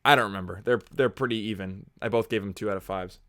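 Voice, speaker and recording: A man's voice: lowish voice, quick pace, a bit bright, dry recording. A young man hosting a casual movie watch-along, chatty and sarcastic, with a taste for juvenile jokes. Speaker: movie review host.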